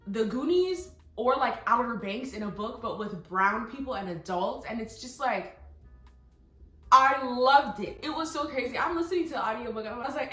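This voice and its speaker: A young woman vlogger reviewing books in casual, excited chat, full of fillers and quoted asides. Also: a little high, normal speed. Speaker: book vlogger. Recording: echoey room, faint music.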